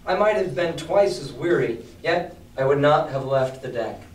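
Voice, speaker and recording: A male teacher with a fairly high voice reads a novel aloud and stops to quiz the class. He is recorded from across an echoey classroom, with faint room ambience behind him. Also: moderate pace, slight background noise. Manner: animated, asks the class questions. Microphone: distant mic. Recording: echoey classroom, distant mic.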